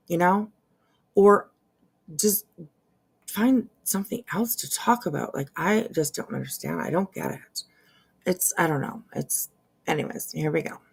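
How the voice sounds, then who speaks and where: A woman's voice: fairly low pitch, vocal fry. A woman hosting casual drama commentary, rambling and hesitant with lots of fillers and restarts, and dropping sarcastic asides. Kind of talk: casual commentary over clips.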